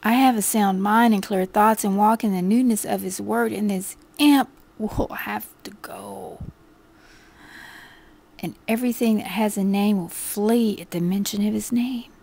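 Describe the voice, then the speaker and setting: A woman's voice: medium pitch, steady tone, a little slow, vocal fry, a little mellow. A woman telling a devotional story in an intimate, often whispered way.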